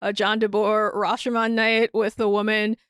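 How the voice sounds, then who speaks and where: A woman with an Upper Midwest American accent, guesting as a comedian on a podcast, speaks in a mid-range voice at a moderate pace. Her tone is smooth and the studio-quality recording has no room sound. She's an animated storyteller in casual chat, acting out quotes and laughing often.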